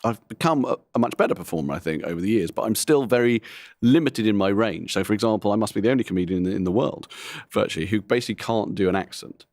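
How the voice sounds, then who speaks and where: Middle-aged man, low voice, candid interview talk, rambling and self-deprecating, dry close sound. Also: animated, a little mellow, no room sound. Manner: frank, rambling, self-deprecating, quick to laugh. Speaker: comedian guest.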